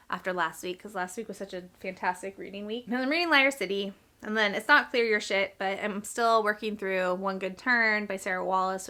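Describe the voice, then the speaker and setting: A woman's voice: medium pitch, bright, forceful tone. A woman chatting casually in a reading vlog, rambling and chatty, often breaking off mid-thought. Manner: rambling, chatty, self-interrupting. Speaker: reading vlogger; teacher. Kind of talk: casual chat.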